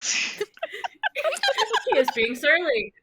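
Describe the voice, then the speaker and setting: A woman's voice: very high-pitched, huge pitch swings, drawn-out words, heavy background noise. A woman running a tabletop game as game master, playful as she explains the rules.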